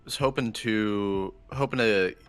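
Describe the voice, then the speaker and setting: Smooth-voiced hesitant man, low. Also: a little slow. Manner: hesitant, formal phrasing. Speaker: player. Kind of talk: in-character tabletop play.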